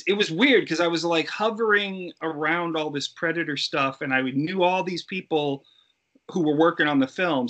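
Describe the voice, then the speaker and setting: Bright, lively middle-aged man telling stories. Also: on the high side. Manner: animated, acts out quoted voices. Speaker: interview guest, creature suit performer. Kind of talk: casual storytelling interview.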